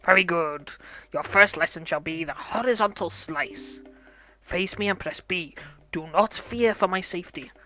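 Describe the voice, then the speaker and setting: A woman voicing a gruff old male swordsman in a drawling pirate growl while reading game dialogue aloud. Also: on the low side, unhurried, pushed and bright, soft background music. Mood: instructive.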